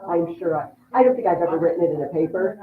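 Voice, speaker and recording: A woman teacher giving a history lesson to a class, animated and repeating key words for her students. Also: fairly low pitch, fast talker. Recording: echoey room, far mic, phone-like sound.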